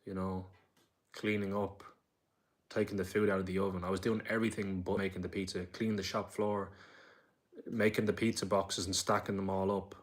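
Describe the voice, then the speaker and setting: A man's voice: deep voice, level tone, fairly quick. A young man with a Dublin accent, rambling casually through a live stream and talking back to his viewers. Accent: Dublin Irish. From Ireland. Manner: rambling, talkative, reads viewer comments aloud.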